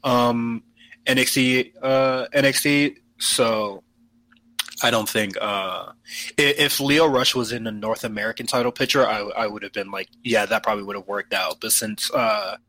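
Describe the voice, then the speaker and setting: A man's voice: fairly low pitch, steady tone, normal speed, bright, forceful tone, dry recording, poor audio. A man co-hosting a podcast in casual chat, rambling with lots of fillers and restarts. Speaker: podcast co-host.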